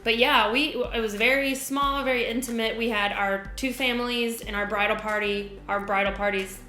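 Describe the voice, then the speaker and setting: A young woman co-hosting a couple's vlog, chatting casually in a relaxed, halting way. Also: a little high, echoey room. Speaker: vlog co-host. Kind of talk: casual chat.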